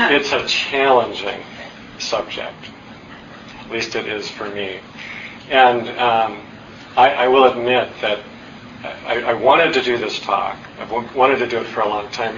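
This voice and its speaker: A man with a mid-range voice gives a gentle dharma talk as a guest teacher in a meditation hall, telling warm, self-deprecating stories with pauses. The recording sounds distant and dull, with faint noise.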